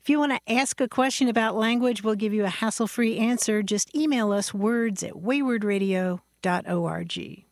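A woman's voice: on the high side, normal speed, hardly any pauses. A woman co-hosting a call-in radio show, chatty and explanatory, with easy fillers.

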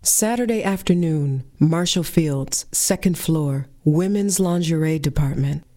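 A woman telling a personal story as a performance, with wry, deadpan humor. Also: deep voice, unhurried.

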